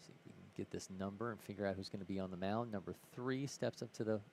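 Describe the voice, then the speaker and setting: Low-voiced man calling baseball play-by-play. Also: fast talker, vocal fry, darkish tone, a little hiss or hum. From Ohio. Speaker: play-by-play commentator. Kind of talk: live baseball commentary.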